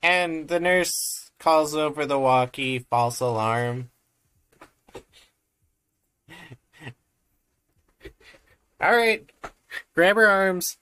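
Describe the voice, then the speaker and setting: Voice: medium pitch, slow, fairly bright tone, clear, resonant tone. A game master narrating a tabletop role-playing game over voice chat in a laid-back way, often laughing.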